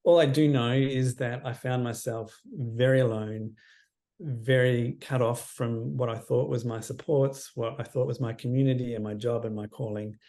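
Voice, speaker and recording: Man in his fifties, gravelly and mellow, an earnest counsellor opening up about his past with a soft, trailing delivery. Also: mid-range voice, fairly even intonation, normal speed. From Australia. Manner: reflective, earnest, trailing off quietly. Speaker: counsellor as podcast guest. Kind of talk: personal storytelling in interview.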